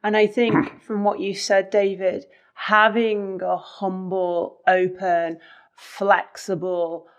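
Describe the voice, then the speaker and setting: A woman co-hosting a casual conversation, speaking in a measured, reflective way. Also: medium pitch, little pitch movement.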